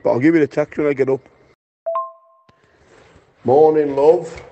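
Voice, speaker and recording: A man's voice: on the high side, unhurried, mellow, lo-fi sound, a little hiss or hum. Rambling man, voice notes. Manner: rambling, swearing, affectionate pet names. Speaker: voice note sender. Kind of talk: casual voice messages.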